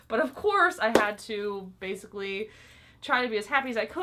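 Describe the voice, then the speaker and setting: There's slight background noise as a young woman vlogger, her mid-range voice expressive, fairly quick and a bit bright, shares stories from her previous job. She talks to the camera in a chatty way, often saying "like" and "um."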